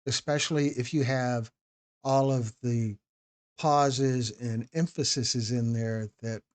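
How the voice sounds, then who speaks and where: A man's voice: medium pitch, fairly even intonation, takes it slowly. A man hosting a live stream, chatting casually with viewers by name and often restarting his phrases. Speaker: documentary host answering live chat.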